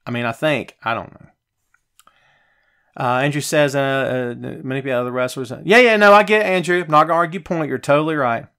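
A man's voice: mid-range voice, fairly quick, clean tone. A male wrestling talk show host ranting at his viewers while he reads out their comments, a bit out of breath. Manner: animated, rhetorical, ranting to viewers. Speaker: podcast host.

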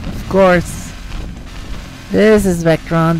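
A gaming channel host does live let's-play commentary in a medium-pitched voice, with slight background noise. He thinks out loud, reads game text slowly, and breaks into panicked outbursts full of swearing as he plays.

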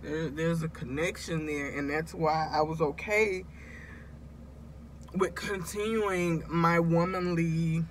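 A woman's voice: sits low, steady tone, slow pace, a little hiss or hum. A woman vlogging in a casual, confiding way, emotional and close to tears, rambling and talking straight to her viewers. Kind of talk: casual confessional vlog.

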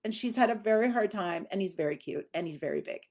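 A woman's voice: medium pitch, expressive, fast talker, darkish tone. A woman dog trainer, answering viewer questions in a casual live lesson and often acting out what people say. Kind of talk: live Q&A teaching.

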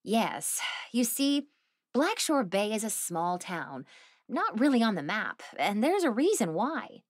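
Woman voicing a calm, doting witch aunt. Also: mid-range voice, slow, no room sound, clean studio sound, pitched above the performer's own voice. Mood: patient. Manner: soothing, endearments.

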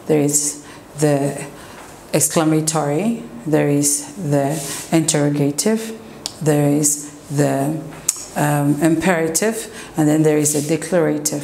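A woman teacher explaining English grammar in a slow classroom lesson, sometimes switching into French. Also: low-pitched, creaky, warm tone. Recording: echoey room with faint noise.

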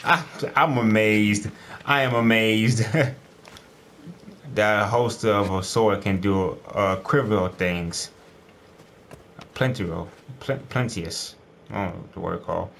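A man's voice: lowish voice, slow pace, vocal fry, pauses often, slight background noise. A man giving let's play commentary, exclaiming and talking to the characters on screen. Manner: animated, exclaiming, talks to game characters. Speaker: gaming streamer.

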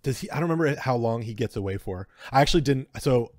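A man co-hosting a podcast in relaxed casual chat, full of ums and wry asides. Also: medium pitch, quick pace, dry recording, studio quality. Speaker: podcast co-host.

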